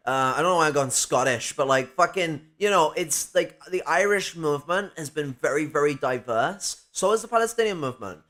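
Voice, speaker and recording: A man's voice: fairly high pitch, lively intonation, brisk, hardly any pauses, a bit bright. A man in a casual political discussion who argues his points at length and swears freely.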